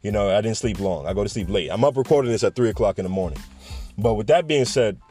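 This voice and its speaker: A man's voice: on the low side, expressive, quick pace, dark tone, soft background music. A man hosting a podcast in a casual, rambling monologue, drifting off topic and chuckling often. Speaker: podcast host.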